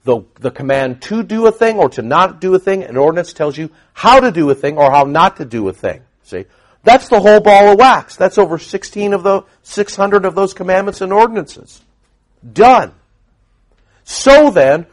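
Male pastor, high and expressive, delivering an emphatic sermon. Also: moderate pace. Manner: animated, emphatic preaching with rhetorical questions.

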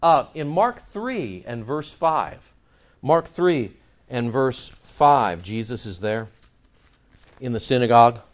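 A male pastor preaching a sermon with emphatic stress that swings between loud points and soft asides. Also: mid-range voice, lively intonation, slow, highs cut off.

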